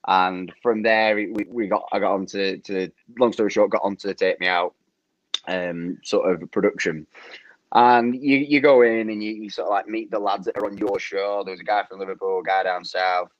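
A man's voice: on the low side, steady tone, normal speed, dry recording. A young man from Preston with a Lancashire accent, a podcast guest telling rambling stories in casual chat and laughing often. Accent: Lancashire English. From Preston, England. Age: young adult. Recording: muffled lo-fi audio.

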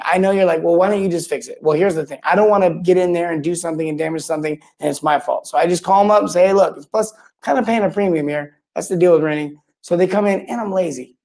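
Recording with his own mic and camera, a podcast host delivers a rambling, worked-up story as a casual monologue, restarting often. His voice is on the high side, with a darkish tone.

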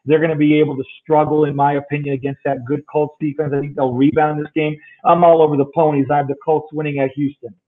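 Give me a male podcast host running through game picks, a bit high-pitched, on a thin phone-like line. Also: flat delivery, fast talker, hardly any pauses. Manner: talkative, rundown of matchups. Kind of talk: casual sports picks chat. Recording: tinny phone-like sound.

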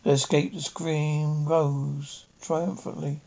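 A man reading a short story aloud with dramatic pauses. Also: on the high side, fairly even intonation, vocal fry, a little mellow, muffled recording. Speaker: audiobook reader. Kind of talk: storybook narration.

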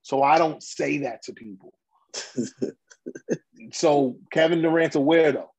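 A man's voice: a little high, a little slow, darkish tone, husky, low-quality recording. A man hosting a casual podcast chat, ranting bluntly and heatedly in slang with many restarts. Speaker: podcast host.

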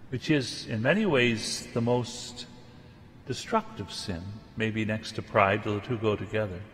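Lively male preacher in a ringing hall. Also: mid-range voice, slight background noise. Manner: animated, chatty, pointed storytelling. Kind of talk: sermon.

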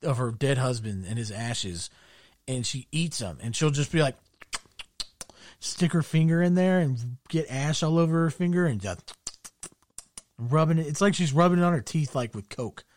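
A man's voice: normal speed, darkish tone. Crude, gleeful man telling stories. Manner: crude, gleeful storytelling, drops voice low for punchlines. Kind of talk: casual chat.

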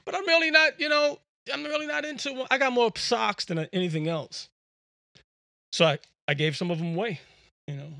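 A man's voice: extremely high pitch, normal speed, gravelly, pushed and bright, no room sound, studio quality. A man hosting a podcast, telling a story in a casual, slangy way and often repeating words as he talks. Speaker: podcast host.

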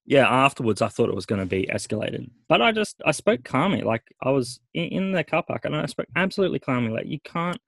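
A man's voice: mid-range voice, fast, creaky, few pauses, no room sound. A middle-aged man, a podcast co-host telling a story in casual chat, acting out what others said and swearing freely. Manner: animated retelling, swearing, acting out quoted voices.

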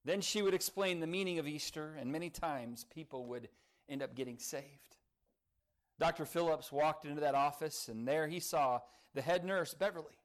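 A male pastor preaching a sermon, telling a story earnestly with dramatic pauses. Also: on the high side.

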